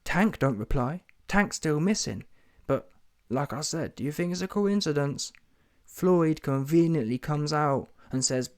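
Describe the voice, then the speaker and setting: A man's voice: a little high, lively intonation, a little slow. Brash man ranting. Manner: brash, mocking, heavy street slang. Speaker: commentary vlogger. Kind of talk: mocking commentary rant.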